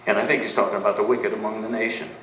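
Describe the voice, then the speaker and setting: A man's voice: lowish voice, little pitch movement, very fast, a bit bright. A man preaching a sermon as a pastor, emphatic and fond of asking questions and answering them himself. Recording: echoey room, mic at a distance, faint background noise.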